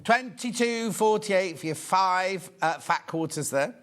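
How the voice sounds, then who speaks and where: A man's voice: sits high, lively intonation, a little slow, a bit bright. Chatty man in his sixties. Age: 60s. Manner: chatty and bantering, greets viewers while handling products. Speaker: shopping channel presenter. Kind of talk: live TV product selling.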